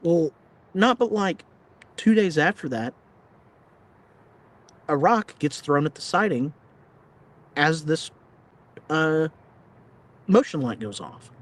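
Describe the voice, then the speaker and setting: Podcast guest, blunt rambling storyteller, a touch high-pitched for a guy. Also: lively intonation, takes it slowly, long pauses. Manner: blunt, plain-spoken; rambling, filler-heavy retelling. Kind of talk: casual storytelling.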